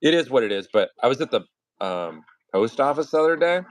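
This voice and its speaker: A man's voice: mid-range voice, fairly quick, dry recording. A man hosting his own livestream, telling stories in casual, profane chat and acting out the people he quotes. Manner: profane, animated storytelling with acted-out quotes.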